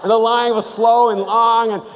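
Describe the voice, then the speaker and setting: A man preaching a sermon as pastor, telling stories with animated asides. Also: extremely high pitch, normal speed, in a large hall, muffled recording, a faint crowd, slight background noise. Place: large church auditorium.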